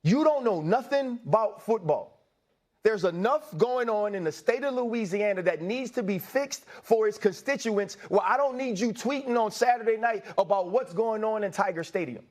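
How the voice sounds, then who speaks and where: A man's voice: sits high, expressive, moderate pace, darkish tone. A man giving impassioned sports commentary, emphatic and repetitive, speaking in an indignant tone. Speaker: sports analyst.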